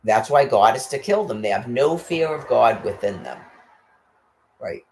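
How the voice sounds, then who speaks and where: A man's voice: medium pitch, animated, a little slow, darkish tone, slight background noise. A man, ranting angrily and swearing constantly, firing off rhetorical questions. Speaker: ranting commentator. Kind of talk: angry profane rant.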